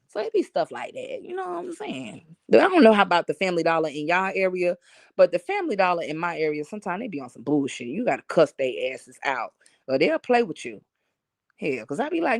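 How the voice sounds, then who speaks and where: A woman live-streaming in casual chat, telling profane, animated stories and talking to her viewers. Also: mid-range voice, quick pace, vocal fry, dry recording, studio quality. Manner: talks to chat and reads comments aloud.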